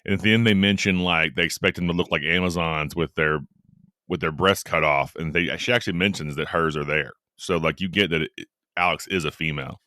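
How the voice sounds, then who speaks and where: A man's voice: low voice, steady tone, fairly quick, bright, forceful tone, no room sound, studio quality. A man co-hosting a podcast, chatting about a book in a rambling, enthusiastic way that trails off mid-sentence. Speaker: podcast co-host. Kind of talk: casual book discussion.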